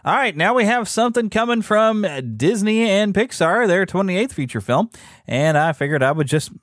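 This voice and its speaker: A man's voice: sits high, lively intonation, normal speed, a bit bright, dry recording, studio quality. A man hosting a fan podcast who chats casually about upcoming films and reads their descriptions aloud, with frequent fillers and restarts. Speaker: podcast host. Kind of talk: casual movie news commentary.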